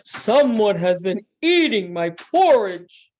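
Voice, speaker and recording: A woman voicing a great big father bear in a slow, booming voice. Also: very animated, a little mellow, highs cut off, a little hiss or hum. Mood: gruff.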